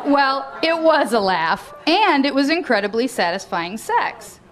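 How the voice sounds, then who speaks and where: A woman's voice: high voice, very animated, measured pace, few pauses, soft background music. A woman reading her own memoir aloud to a live audience in a bookstore, often breaking into laughter between lines. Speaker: guest reader at a book reading.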